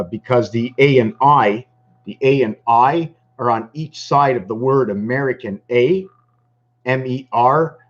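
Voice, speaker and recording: Rambling man, dull lo-fi sound. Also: mid-range voice. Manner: meandering, full of ums and restarts. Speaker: channel host. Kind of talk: rambling monologue.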